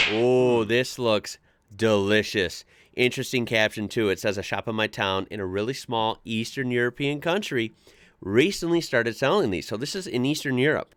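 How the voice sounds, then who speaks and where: An American man hosting a casual reaction video, chatty and quick to laugh as he reads posts aloud. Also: mid-range voice, a bit bright, clean tone, dry recording, clean studio sound. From United States. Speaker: reaction channel host.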